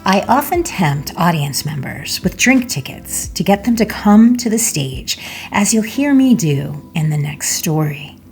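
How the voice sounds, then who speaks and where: Slow, gravelly woman host. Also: fairly low pitch, very animated, faint music behind. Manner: slow, soft, measured. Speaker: podcast host. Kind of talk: podcast narration.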